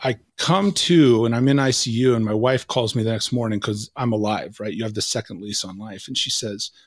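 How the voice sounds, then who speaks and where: A man in his forties, a podcast guest, telling a personal story with vivid quoted dialogue and dropping to a hushed tone at intense moments. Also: on the low side, brisk, no room sound, clean studio sound. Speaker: podcast guest, leadership coach.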